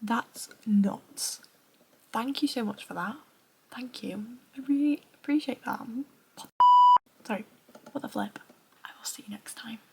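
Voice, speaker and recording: A woman's voice: on the high side, a little slow, gravelly, pauses often, slight background noise. Tired northern English woman, half-whispering. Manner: tired, soft half-whispered talk late at night. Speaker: running vlogger. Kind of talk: casual vlog chat. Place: home at night.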